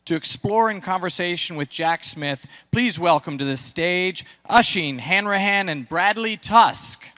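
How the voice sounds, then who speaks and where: Brief: male emcee from New Orleans, bright and slightly high, formal announcement read. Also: lively intonation, measured pace. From New Orleans, USA. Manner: formal, reads introductions. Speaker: stage host, emcee. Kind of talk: scripted announcements.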